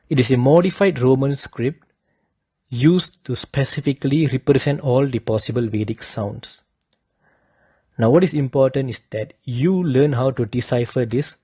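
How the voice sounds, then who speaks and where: A man slowly giving a lesson, carefully demonstrating correct pronunciation. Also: medium pitch, warm tone, slightly rough, dry recording. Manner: slow and deliberate, demonstrating pronunciations. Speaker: teacher of Vedic chanting. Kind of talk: instructional talk.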